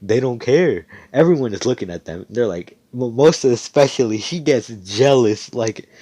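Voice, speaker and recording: Over voice chat on a computer mic, a man rambles through a made-up fan story, swearing often and getting excited. His voice is medium in pitch, a little slow, and slightly rough.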